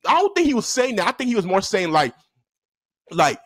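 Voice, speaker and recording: Animated young man telling a story. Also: high voice, brisk, no room sound. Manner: animated and slangy, laughs often. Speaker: storytime vlogger. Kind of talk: casual storytelling. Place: indoor room at a desk.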